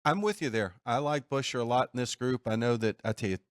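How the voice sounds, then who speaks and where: A man hosting a sports betting talk show from a studio, talking in a steady, methodical way. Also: mid-range voice, fast talker, clean tone, no echo. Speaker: host.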